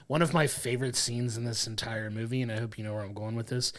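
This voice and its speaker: A man's voice: medium pitch, steady tone, fast. A man co-hosting a podcast, chatting casually and enthusiastically about a film in long rambling sentences. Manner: enthusiastic, rambling, laughs along. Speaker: podcast co-host. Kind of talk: casual film review chat.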